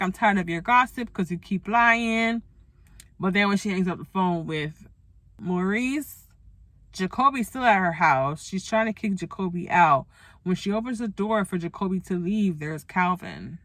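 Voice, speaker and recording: Bright, animated woman recapping TV. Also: mid-range voice, moderate pace, no echo. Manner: animated, exclamatory, chatty asides to viewers. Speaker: TV recap vlogger. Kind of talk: casual TV episode recap.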